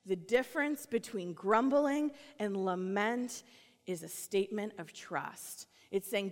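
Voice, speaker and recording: A woman's voice: medium pitch, slow. Woman pastor preaching in a reverberant hall. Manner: conversational, dips from animated to soft and hushed. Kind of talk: sermon.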